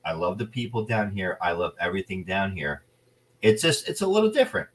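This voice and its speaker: A man's voice: low-pitched, fairly quick, husky, distant mic. A man with a New Jersey accent, an actor telling blunt, playful stories in a casual interview. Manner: animated storyteller, playful and blunt. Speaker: actor guest.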